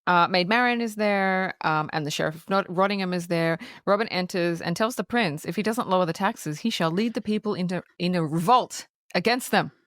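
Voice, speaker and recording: A woman's voice: lowish voice, a little fast, hardly any pauses, fairly bright tone, dry recording, clean studio sound. A woman co-hosting a podcast, casually retelling film scenes with bursts of laughter and swearing. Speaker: podcast co-host. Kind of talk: casual film review chat.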